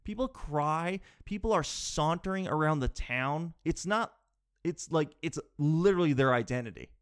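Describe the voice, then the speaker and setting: A man talking in a rambling, animated way, asking himself rhetorical questions and swearing casually. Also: a little high, moderate pace, clean tone. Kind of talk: casual chat.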